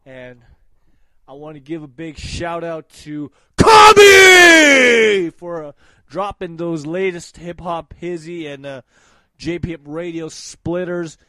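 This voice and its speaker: A man giving casual, profane hype shout-outs in a swaggering way, breaking into loud shouted names. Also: on the high side, fairly even intonation, measured pace, no echo, poor audio.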